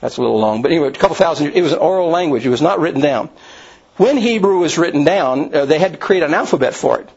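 A man's voice: fairly high pitch, animated, fast, gravelly, a little mellow, slightly rough. A man teaching a Bible study class, explaining in a rambling way with many restarts and asides. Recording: dull lo-fi recording.

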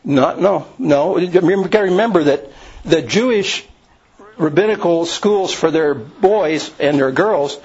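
A man's voice: fairly high pitch, unhurried, a little mellow, breathy edge. A man teaching a Bible study class, explaining in a rambling way with many restarts and asides. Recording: dull lo-fi recording.

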